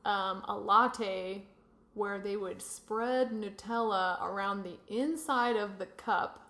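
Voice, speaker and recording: A woman's voice: medium pitch, slow, a bit bright. A young adult woman co-hosting a podcast in casual chat, telling stories and laughing easily. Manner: chatty, storytelling, laughs easily. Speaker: podcast co-host. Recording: echoey room.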